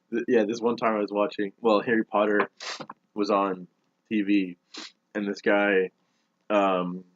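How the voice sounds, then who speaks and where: A man's voice: lowish voice, little pitch movement, slow, long pauses, a little hiss or hum. A young man hosting a podcast, telling rambling stories and laughing often in casual chat. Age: young adult. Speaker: podcast host. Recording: dull lo-fi dry recording.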